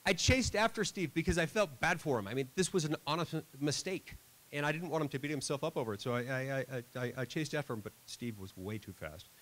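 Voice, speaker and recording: A man's voice: fairly high pitch, animated, fairly quick, fairly bright tone, rough recording. A middle-aged man giving a school assembly speech, telling a self-deprecating story with dry humor. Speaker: senator.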